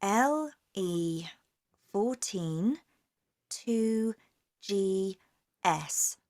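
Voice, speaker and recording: A woman's voice: medium pitch, lively intonation, very slow, darkish tone. A woman with a British accent playing a polite office clerk who asks questions and reads the answers back in a scripted coursebook dialogue. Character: polite female office clerk issuing a card.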